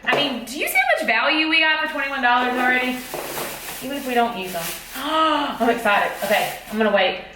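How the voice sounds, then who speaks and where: A woman's voice: sits high, big pitch swings, fast, background noise. A woman teacher chatting in a bubbly, exclamatory way about a haul of school supplies. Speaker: teacher vlogger. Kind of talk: casual haul vlog. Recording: echoey room.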